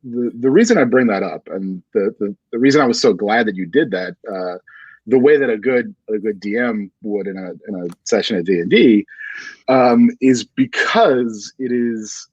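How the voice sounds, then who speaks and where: Male host, husky, dry dull recording, rambling questioner. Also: fairly low pitch, no echo. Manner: long-winded, halting, many fillers. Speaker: interviewer. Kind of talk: livestreamed bookshop conversation.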